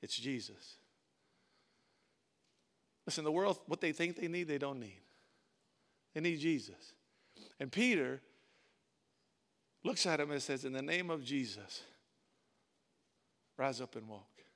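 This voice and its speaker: A middle-aged man preaching a sermon as pastor. He moves from quiet storytelling to loud, animated preaching and calls on the congregation. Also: on the high side, measured pace, long pauses. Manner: calls on the congregation, uses "y'all".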